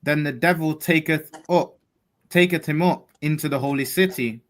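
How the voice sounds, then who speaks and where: Man reading scripture slowly. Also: on the high side, a bit bright. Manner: slow, deliberate, reading old-style verses. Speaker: scripture reader.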